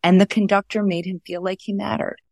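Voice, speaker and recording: A woman's voice: medium pitch, steady tone, a little fast, creaky, a little mellow, no room sound, studio quality. A woman, a guest author telling stories earnestly and acting out what people said. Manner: earnest, acts out quoted dialogue. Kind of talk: conversational storytelling.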